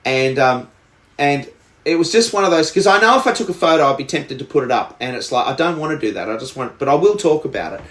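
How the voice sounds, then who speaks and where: Aussie bloke co-hosting a podcast, rambles and restarts a lot, roomy echoey sound. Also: male voice, medium pitch, expressive, fast, fairly bright tone. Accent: Australian. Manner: rambling storyteller with many restarts and fillers. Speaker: podcast co-host. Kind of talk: casual chat.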